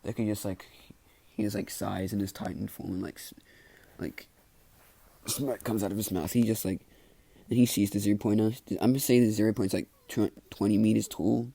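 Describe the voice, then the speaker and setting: A young man with a low, gravelly voice rambles through an improvised fan story. He is a little husky, and he drops in fillers and restarts as he goes. His manner is casual and unscripted. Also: fairly even intonation, a little fast, warm tone.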